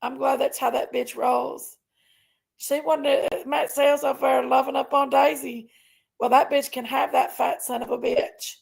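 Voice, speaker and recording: A woman's voice: sits high, flat delivery, moderate pace, vocal fry, breathy edge. A woman hosting a casual livestream, ranting indignantly and emphatically while reading chat aloud. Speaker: live stream host.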